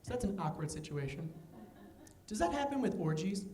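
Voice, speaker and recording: A young man doing a stand-up comedy set, talking casually with quick asides and mock voices for the people in his jokes. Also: sits high, sing-song, reverberant, a crowd in the background. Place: comedy venue with live audience.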